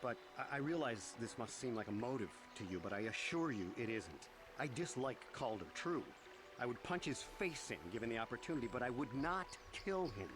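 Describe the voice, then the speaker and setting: A man's voice: fairly quick, noisy background, close to an everyday voice. An actor playing a nervous, defensive middle-aged man questioned about a murder in a video game. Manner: defensive, agitated, lively pitch.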